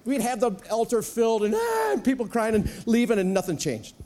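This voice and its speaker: High-voiced animated male preacher. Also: fairly quick. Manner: animated, acts out voices with humor. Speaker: guest preacher. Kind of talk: sermon. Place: church sanctuary.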